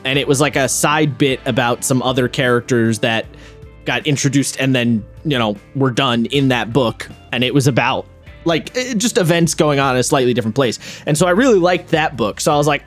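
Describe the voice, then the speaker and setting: A man's voice: mid-range voice, lively intonation, moderate pace, soft background music. A man co-hosting a podcast in casual chat, rambling and wry, often breaking off mid-thought. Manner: rambling, self-interrupting, wry. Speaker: podcast co-host.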